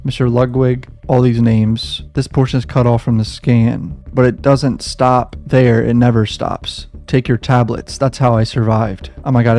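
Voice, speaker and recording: A man's voice: mid-range voice, warm tone. A man hosting a reaction video who reads a diary aloud and reacts with shaken, swearing anger.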